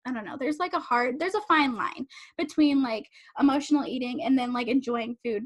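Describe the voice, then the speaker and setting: A young woman coaching in a casual motivational talk, earnest and animated, acting out inner voices as she goes. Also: high voice. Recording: online summit talk.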